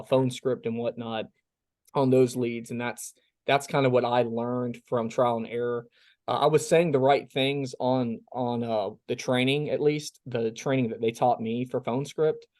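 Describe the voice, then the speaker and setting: Chatty sales coach, dry close sound. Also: male voice, medium pitch, a little mellow, no echo. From South Carolina. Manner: chatty, folksy, acts out his phone lines. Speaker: insurance sales team leader. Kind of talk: casual sales coaching on a team call.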